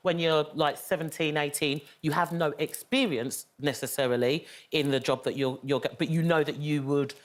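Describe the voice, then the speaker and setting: A woman panelist on a talk show, speaking in an animated, emphatic way. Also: deep voice, normal speed, hardly any pauses. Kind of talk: casual chat.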